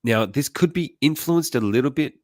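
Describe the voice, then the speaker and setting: A man's voice: medium pitch, expressive, normal speed, a little mellow, no echo, clean studio sound. A man hosting a casual live chat about comedy, sounding congested from a sinus illness, laid-back and laughing often. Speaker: host.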